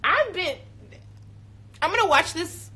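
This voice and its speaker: A woman hosting a live chat show, talking in an animated, frank way and swearing casually. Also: extremely high pitch, slow. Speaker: host.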